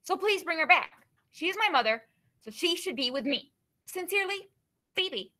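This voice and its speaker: A woman's voice: very high-pitched, expressive, moderate pace, bright, forceful tone, pitched above the performer's own voice, full character voice. A woman reading as a girl pleading for her mother. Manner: earnest, pleading, indignant. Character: young girl demanding her kidnapped mother back.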